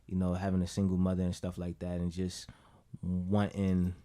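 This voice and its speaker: On a laid-back podcast, a Brooklyn-born musician guest rambles freely, frequently dropping "you know what I'm saying." He speaks at an ordinary pace with a low, mellow voice and a completely flat delivery.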